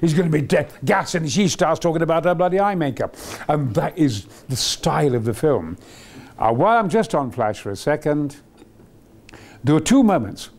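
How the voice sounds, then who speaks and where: A man's voice: a little high, expressive, normal speed, darkish tone. An older man, being interviewed as an actor, reminisces in an enthusiastic, rambling way with many fillers and restarts.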